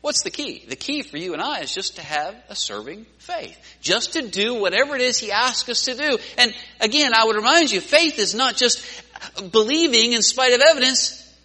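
A man preaching a sermon, swinging from hushed tones to loud, dramatic storytelling. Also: very high-pitched, animated, normal speed. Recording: long hall reverb.

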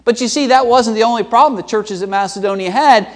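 A man preaching a sermon as pastor, swinging between loud emphatic peaks and low, quiet drops. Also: fast talker. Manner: emphatic preaching with sweeping pitch and loudness swings. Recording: long hall reverb.

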